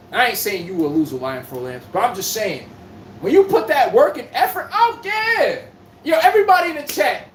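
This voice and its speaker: Animated trash-talking sports podcast host. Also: male voice, very high voice. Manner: animated, profane trash talk to chat. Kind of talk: live-stream sports talk. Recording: echoey room from far off, faint noise.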